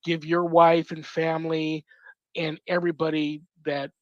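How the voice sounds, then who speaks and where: A man's voice: on the high side, little pitch movement, unhurried, no echo. A man hosting a talk show, saying affectionate goodbyes to his guests one by one. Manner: effusive, affectionate. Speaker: show host. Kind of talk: casual sign-off chat with guests. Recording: dull lo-fi sound.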